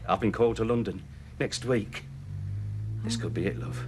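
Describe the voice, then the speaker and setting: A man's voice: fairly low pitch, normal speed, darkish tone, a little hiss or hum, lightly acted. An actor playing a jokey, chatty man courting a woman in a television soap, cajoling and cheerful. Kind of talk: 1980s television soap acting.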